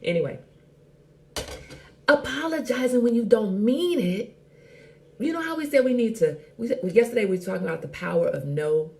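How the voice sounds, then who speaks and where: Sassy gravelly-voiced woman hosting a chat. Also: medium pitch, moderate pace. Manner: sassy, animated and blunt; greets viewers by name. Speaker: host. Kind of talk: casual live chat show.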